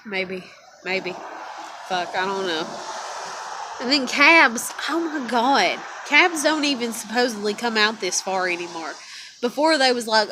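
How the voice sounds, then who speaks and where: A woman's voice: on the high side, lively intonation, a little slow. A woman rambling casually as a vlogger, swearing constantly and laughing as she talks. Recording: noisy background.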